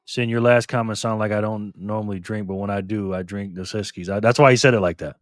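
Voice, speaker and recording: A man's voice: on the low side, steady tone, fast, no room sound, clean studio sound. A man hosting a casual live stream, chatting loosely with viewers by name and repeating himself.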